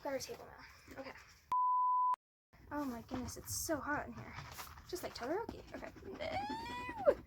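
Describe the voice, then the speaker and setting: A woman's voice: high-pitched, brisk, long pauses, very noisy. A woman doing flubbed takes of a cosplay skit, giggly and flustered as she restarts her lines.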